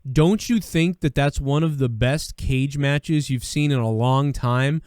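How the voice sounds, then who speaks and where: A man's voice: mid-range voice, unhurried, darkish tone, clear, resonant tone, no echo, clean studio sound. A man hosting a call-in show, chatting casually with loose, profane storytelling and repeated phrases.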